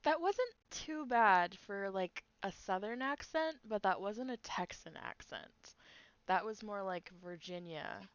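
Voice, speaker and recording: A woman's voice: medium pitch, animated, slow, clear, resonant tone, no echo, muffled recording. A woman narrating as game master for a tabletop game, chatty and giggly with lots of filler words.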